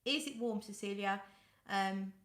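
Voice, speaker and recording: A woman's voice: medium pitch, measured pace, roomy sound. A British woman hosting a casual fragrance live stream, greeting viewers by name and reading out their comments. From United Kingdom. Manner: coos softly when talking to her cat. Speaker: fragrance livestream host. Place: home room.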